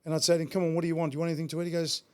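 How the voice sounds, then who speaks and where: A man's voice: on the high side, flat delivery, rapid-fire, a little mellow, clear, resonant tone. A middle-aged Australian man telling road stories in a casual chat, blunt and swearing freely. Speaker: guest. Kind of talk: casual storytelling.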